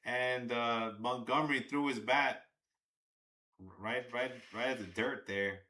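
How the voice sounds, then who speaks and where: Excitable man calling a game. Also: mid-range voice, measured pace. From Long Island, New York. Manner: chatty, excitable, cheers players on, swears now and then. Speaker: fan livestream commentator. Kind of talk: casual live fan commentary on a baseball game.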